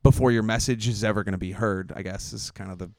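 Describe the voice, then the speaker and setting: Smooth-voiced comedian musing at length. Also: male voice, on the low side, steady tone, quick pace, a little mellow, dry recording. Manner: thoughtful, long winding sentences with fillers. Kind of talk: casual podcast chat.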